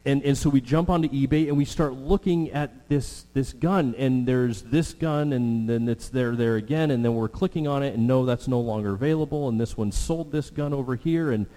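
Middle-aged guy preaching in a big echoey hall, mellow voice, low mains hum. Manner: earnest, drawn-out emphasis with fillers. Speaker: pastor. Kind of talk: sermon.

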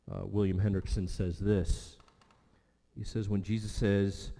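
A man's voice: deep voice, fairly even intonation, measured pace, mellow. A man preaching a sermon as pastor, with an emphatic delivery that rises and falls. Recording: long church hall reverb.

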